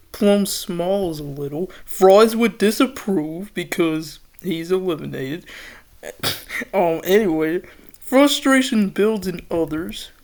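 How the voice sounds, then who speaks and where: A woman who hosts a show, reading a fan story aloud and breaking off into laughing, excitable asides. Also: lowish voice. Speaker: host.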